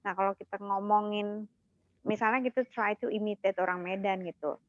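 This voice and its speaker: A woman's voice: medium pitch, steady tone, fairly quick, dry recording, dull audio. A woman with an Indonesian accent teaches English in a casual chat, switching between English and Indonesian and laughing often.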